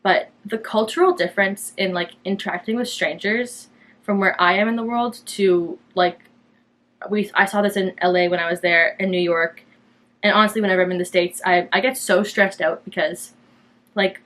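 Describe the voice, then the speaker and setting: A young woman from Canada hosting a knitting podcast in a loose, chatty way. She rambles through her thoughts with plenty of fillers and small restarts, and her voice jumps up brightly whenever she quotes herself. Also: mid-range voice, moderate pace. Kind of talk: casual chat to camera.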